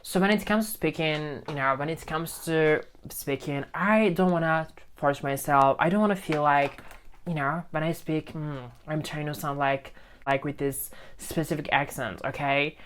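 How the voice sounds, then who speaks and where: A man whose first language isn't English vlogs about learning English, talking earnestly into his phone camera at a normal speed. His voice is a little high and a bit bright, with slight background noise, and he repeats his points casually with lots of fillers.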